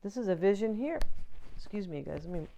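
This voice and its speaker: A woman's voice: mid-range voice, animated, fairly quick, vocal fry, dark tone, a little hiss or hum. A woman giving a casual tarot reading to her viewers, chatty and loose, often checking in with "right?" and "you know". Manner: chatty, many fillers and "right?" check-ins. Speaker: tarot reader.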